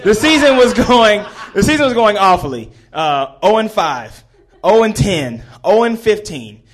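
A man's voice: high-pitched, sing-song, unhurried. A man in his twenties telling a comedic story on stage, rambling and correcting himself with chuckles.

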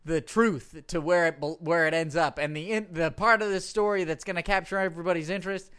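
A man's voice: fairly high pitch, a little fast, fairly bright tone, smooth, lightly acted. A man playing a spacey male wrestler who gives rambling special reports and loses his thread as he goes.

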